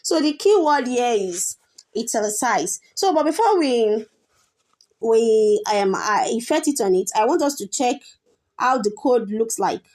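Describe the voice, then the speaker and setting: A woman walks through a coding tutorial at an unhurried, deliberate pace. Her voice sits a little high, and she explains patiently, repeating points and pausing on fillers as she goes. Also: expressive, darkish tone. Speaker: coding teacher. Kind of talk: screen-share coding tutorial.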